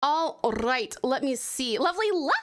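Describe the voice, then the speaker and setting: A woman's voice: high voice, lively intonation, moderate pace. A young Australian woman from Tasmania streaming a game, chatting casually and giggling, calling her viewers pet names. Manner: bubbly, giggly, greets chat with pet names. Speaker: VTuber streamer. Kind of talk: casual live-stream chat while gaming. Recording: game music playing under the voice.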